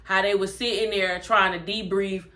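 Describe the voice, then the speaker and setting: Woman reviewer, animated and chatty, acts out lines while recapping an episode. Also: medium pitch, normal speed. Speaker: TV show reviewer.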